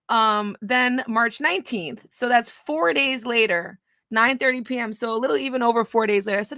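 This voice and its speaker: A woman's voice: fairly high pitch, normal speed, fairly bright tone, no echo, studio quality. A woman vlogger telling a story in casual talk, reading old messages aloud in a blunt, profane, scornful way.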